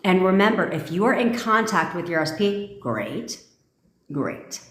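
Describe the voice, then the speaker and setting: A woman's voice: fairly low pitch, big pitch swings, a little slow. Woman coach ranting on a live, swears a lot, repeats herself hard, roomy echo. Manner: blunt, profane, forceful ranting; repeats commands for emphasis. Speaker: manifestation coach. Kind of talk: livestream pep talk. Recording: echoey room.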